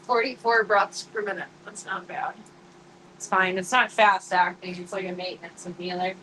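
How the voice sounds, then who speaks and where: A woman's voice: on the low side, fairly even intonation, normal speed, pushed and bright, slight background noise, poor audio. A young woman streaming from her home kitchen, chatting casually and rambling with lots of filler words. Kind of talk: casual chat.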